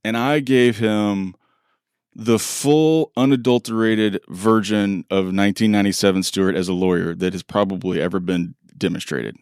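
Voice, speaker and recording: A man's voice: on the low side, normal speed, clear, resonant tone, no room sound, clean studio sound. A middle-aged man co-hosting a podcast, chatting casually and acting out quoted dialogue with frequent laughs. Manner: animated, acts out quoted dialogue, laughs often. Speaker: podcast co-host. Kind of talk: casual conversational storytelling.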